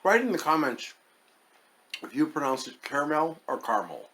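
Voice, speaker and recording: A man's voice: a little high, sing-song, moderate pace, a bit bright, a little hiss or hum. A man casually reviewing chocolates as the host of his own channel, wry and hesitant, muttering as he tastes. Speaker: food reviewer.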